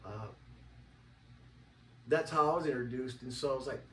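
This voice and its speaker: This Washington State man, a tribal member interviewed as a guest, spins loose, rambling stories at a moderate pace, peppered with "you know." He pitches his voice up to quote others, and the distant mic captures roomy sound, faint ambience and slight background noise.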